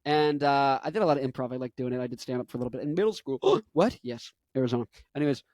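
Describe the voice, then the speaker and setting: A man's voice: mid-range voice, racing, darkish tone, no room sound. A man in his twenties chatting casually and at length, rambling with lots of fillers and self-corrections. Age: 20s. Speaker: musician and vlogger.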